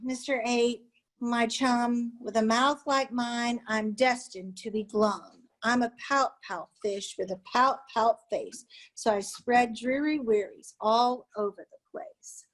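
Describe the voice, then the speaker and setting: A gloomy pouting male fish from a children's picture book, sighing out his rhymes, as a woman reading aloud puts him on. The delivery is unhurried and sing-song, in a slightly high voice. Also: steady tone, rough recording. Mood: glum. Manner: sing-song rhyming refrain.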